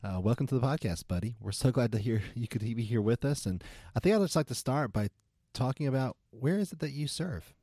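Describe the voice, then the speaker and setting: A man's voice: medium pitch, expressive, fairly quick, warm tone, dry recording, studio quality. A man hosting a podcast, talking enthusiastically with lots of "uh" fillers and frequent laughs. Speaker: podcast host. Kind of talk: podcast intro and interview.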